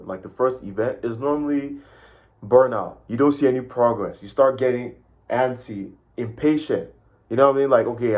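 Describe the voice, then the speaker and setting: Man at mid pitch, motivational speaker, emphatic, keeps checking in with the listener. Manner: emphatic, keeps asking "right?" and "you see". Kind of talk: motivational talk to camera.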